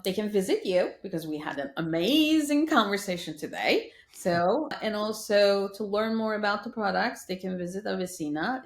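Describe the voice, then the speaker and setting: A woman guest on a podcast talks about skincare as a scientist, in conversation with the host. She tells her stories with energy and acts out other people's voices. Her voice sits at a middle pitch, and the room adds a noticeable echo. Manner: lively storyteller who acts out quoted voices. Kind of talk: interview conversation. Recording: roomy echo.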